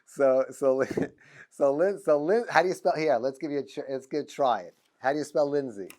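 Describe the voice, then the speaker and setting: A man's voice: fairly high pitch, moderate pace, a little mellow. A middle-aged man, a rabbi teaching a class, talking in a loose, joking way, full of restarts and stammers. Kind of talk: informal lecture. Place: classroom with students.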